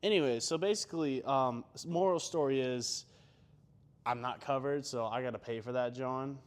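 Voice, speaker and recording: A man's voice: mid-range voice, moderate pace. A young man chatting casually between gym sets, rambling with lots of fillers and self-deprecating asides. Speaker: gym vlogger.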